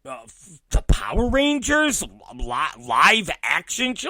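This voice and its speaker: A man hosts his own show, telling a story in a swearing, comic rant. His voice sits high and bright, with sudden loud bursts and quiet mutters between unhurried stretches. The sound is dry and close. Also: dry recording. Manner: animated, swearing, laughing storyteller; shifts between loud outbursts and muttered asides. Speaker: podcast host. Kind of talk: profane comedic ranting.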